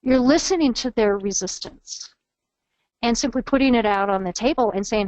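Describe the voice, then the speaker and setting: A woman's voice: a little high, normal speed, a little mellow, no echo, highs cut off. A woman trainer giving a webinar lecture in an earnest, coaching manner, modeling phrases aloud.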